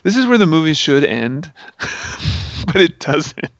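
A man in casual chat with a gravelly, creaky voice, recounting a film scene by scene with plenty of fillers and acted-out quotes. The recording sounds dry and a bit dull. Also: on the high side, slow, no echo. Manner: animated storyteller, many fillers.

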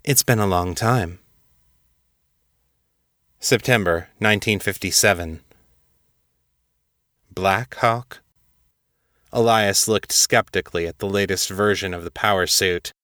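A man reading scripted fiction aloud as narrator, in a measured storytelling manner. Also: on the low side, pushed and bright, no echo, studio quality.

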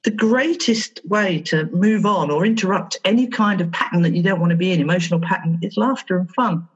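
A woman therapist being interviewed on a podcast, telling stories with lively, animated delivery and acting out her exchanges with children. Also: mid-range voice, fairly quick, breathy edge, dull audio. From England. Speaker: therapist guest.

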